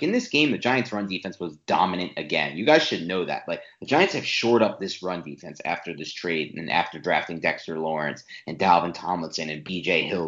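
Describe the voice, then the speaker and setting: A man's voice: low-pitched, fairly bright tone. A man co-hosting a sports podcast, laying out an opinionated argument. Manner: opinionated, rapid argumentative breakdown. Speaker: podcast co-host. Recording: roomy, dull sound.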